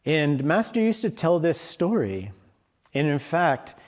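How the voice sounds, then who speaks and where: Male minister, unhurried sermon, storyteller who slips into the voices of his characters. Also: fairly high pitch, very animated, a little mellow. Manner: slow, storytelling, briefly acting out lion and sheep voices. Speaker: minister giving a Sunday service talk. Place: hall of a spiritual community.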